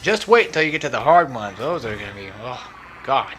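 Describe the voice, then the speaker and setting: Chatty, lively young man. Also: mid-range voice, brisk. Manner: rambling, chatty and self-mocking. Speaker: let's play host. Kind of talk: casual gameplay commentary. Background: faint game music.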